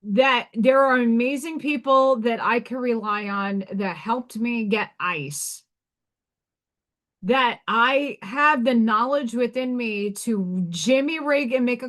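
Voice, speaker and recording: A woman's voice: on the high side, a bit bright. A woman with a Staten Island accent hosting a casual live stream, talking frankly, swearing casually and often restarting her sentences. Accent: Staten Island, New York. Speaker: live stream host and oracle card reader.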